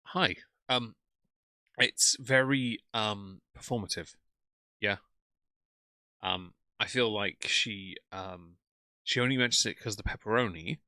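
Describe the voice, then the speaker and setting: A man's voice: fairly low pitch, a little slow, bright, forceful tone, dry recording. A man, commenting bluntly and sarcastically while reading out chat on a live stream.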